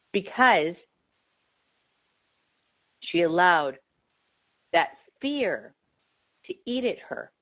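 A woman host and spiritual advisor giving an emphatic, repetitive radio talk monologue. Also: mid-range voice. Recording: tinny phone-like sound.

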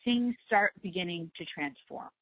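A woman host talks in a gentle, reassuring way, circling back over the same words. Her voice comes through thin and tinny, like a phone line. The sound is dry, with no room around it. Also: fairly low pitch, animated, moderate pace, no echo. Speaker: spiritual talk show host. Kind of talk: slow soothing talk on meditation and letting go.

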